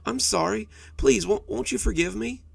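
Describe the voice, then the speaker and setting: A man's voice: a little high, very animated, moderate pace, gravelly, no echo, heavily acted. A man voicing a small, fearful male monster hiding under a child's bed, who sounds like a scared kid and talks in a pleading, blustering way.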